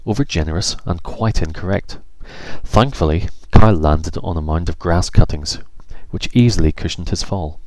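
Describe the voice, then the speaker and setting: A man's voice: deep voice, a little mellow, dry recording. A man reading a children's storybook aloud in a wry, playful way. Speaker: narrator.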